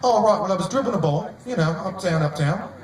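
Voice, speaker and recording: A man's voice: high-pitched, lively intonation, quick pace. A man voicing a chatty male British basketball player in a put-on British accent, rambling and cheerfully oblivious, echoey and distant with outdoor noise. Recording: echoey, distant mic, noisy outdoor crowd.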